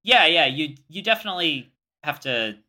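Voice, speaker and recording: A young man co-hosting a podcast in casual chat, his voice very bright and sitting a touch high. He talks haltingly, with many fillers and restarts. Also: expressive. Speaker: podcast co-host.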